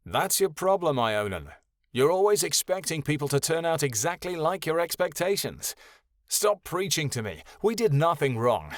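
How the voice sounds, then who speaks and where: Man playing a hot-headed young man, defiant, yelling, dry close sound. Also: fairly high pitch, animated, moderate pace, dry recording.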